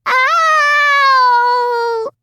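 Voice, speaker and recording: A frightened three-year-old girl cries out in a very high, shrill voice. Her sobbing pleas stretch and break, sounding strained and unlike an adult speaker. The recording is dry and close. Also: fairly even intonation, drawn-out words, sharp tone, no echo, full character voice. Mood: wailing, pained. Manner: crying, high shrill pleading.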